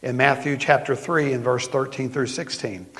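A middle-aged man with a Southern accent, preaching a sermon as pastor in folksy storytelling style, slowing down for emphasis. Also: mid-range voice, steady tone, fairly bright tone. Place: church sanctuary. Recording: long hall reverb.

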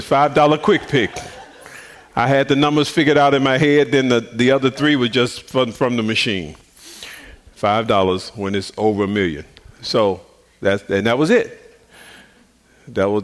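A man preaching on the radio, telling personal stories in an animated way and often laughing. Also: moderate pace. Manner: animated, laughs often, swings pitch widely.

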